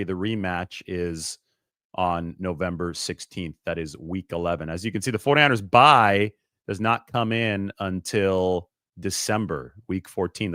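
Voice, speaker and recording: A man hosts his own sports talk show with an animated, bursting delivery. His voice is smooth and resonant at a middle pitch. The sound is dry and close to the mic. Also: dry recording. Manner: animated, talks in bursts with wide swings in pitch and loudness. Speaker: sports reporter and show host. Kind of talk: casual sports commentary to camera.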